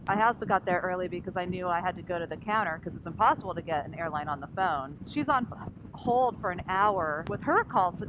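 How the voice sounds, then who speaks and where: A woman vlogger telling a story casually and with energy, acting out what other people said. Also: lowish voice. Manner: animated, acts out other people's lines. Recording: noisy recording with vehicle sounds.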